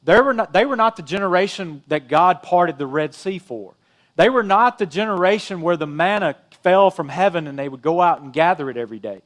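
A middle-aged pastor with a notably high, animated voice preaches fairly quickly. His sermon is conversational and peppered with "you know," with emphasis climbing on key phrases and sinking to almost hushed endings.

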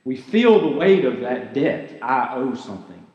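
A man's voice: mid-range voice, big pitch swings, a little slow, a little mellow, reverberant, long reverb tail, dull audio. A man giving a sermon as pastor, earnest and conversational, asking his listeners rhetorical questions.

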